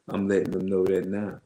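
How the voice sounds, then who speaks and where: A man with a heavy, loud voice reads Bible verses slowly and emphatically, stopping to explain them in his own words as an online religious teacher. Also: low voice, completely flat delivery, roomy sound, low-quality recording. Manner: slow, emphatic, repeats himself. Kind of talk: Bible reading with loose commentary.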